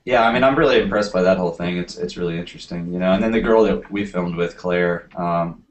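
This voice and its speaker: A man's voice: low-pitched, fast. A young man from Nashville, a band member being interviewed, chatting casually with lots of fillers. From Nashville, USA. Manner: relaxed, hesitant with many fillers.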